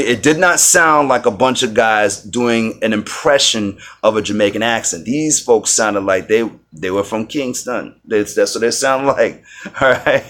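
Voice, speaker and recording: A man's voice: medium pitch, moderate pace, a bit bright. A man giving a casual spoken review, rambling with many fillers and restarts. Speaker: video reviewer.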